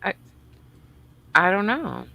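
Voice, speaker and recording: A woman's voice: medium pitch, wildly swooping pitch, takes it slowly, gravelly, lo-fi sound. A woman co-hosting a casual livestream, bubbly and teasing as she greets viewers. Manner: bubbly, teasing, swings between squeals and mutters. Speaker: livestream co-host.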